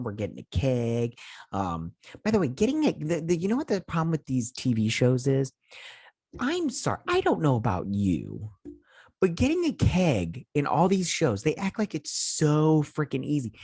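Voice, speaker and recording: A man's voice: medium pitch, darkish tone, dry recording, clean studio sound. A man hosting a show, casually recapping and reviewing a TV episode, rambling and paraphrasing scenes with lots of "like" and asides.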